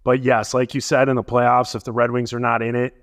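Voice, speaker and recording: Dude cohosting a podcast, rambly and laughing a lot, just a regular mid voice. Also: male voice, mid-range voice, monotone, a little fast. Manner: loose, rambling, laughs often. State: out of breath. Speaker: podcast co-host. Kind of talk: casual chat.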